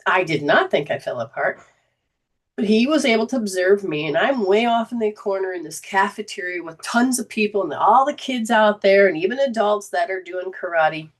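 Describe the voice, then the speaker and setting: A woman's voice: medium pitch, animated, normal speed. A woman host of a healing talk show, sharing a personal story in a casual, earnest way with many restarts. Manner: earnest storytelling, quotes others, frequent restarts. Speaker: host, energy healer.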